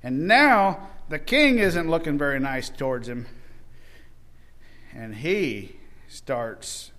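A man with a high voice tells an old story in a loose, folksy way. He talks like he is chatting with friends and keeps jumping into the characters' voices. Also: a bit bright. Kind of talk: informal Bible story retelling.

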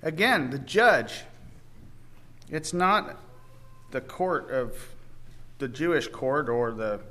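A man preaching a sermon, reading scripture aloud and speaking with many halting restarts. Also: medium pitch, lively intonation, bright, forceful tone.

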